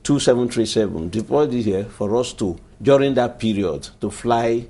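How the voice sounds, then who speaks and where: A man's voice: medium pitch, expressive, moderate pace, warm tone. A Nigerian man answering as an aviation expert guest in a studio interview, explaining emphatically and often repeating himself.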